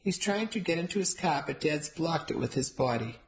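A woman's voice: sits low, animated, fairly quick. A woman voicing a sensible young woman, the narrator's sister, in a storybook reading. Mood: reasonable.

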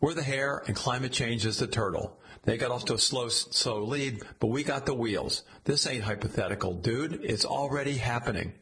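A man's voice: mid-range voice, moderate pace, few pauses, fairly bright tone, close to an everyday voice. A man reading a satirical story, voicing a smug, scheming male AI chatbot that talks in a sly, slangy, coaxing way. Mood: gloating.

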